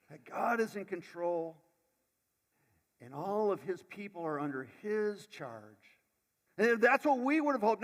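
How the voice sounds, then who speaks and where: A male pastor preaching a sermon, dramatic, swinging from loud bursts to hushed lines and repeating words as he goes. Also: sits high. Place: church sanctuary. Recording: long church hall reverb.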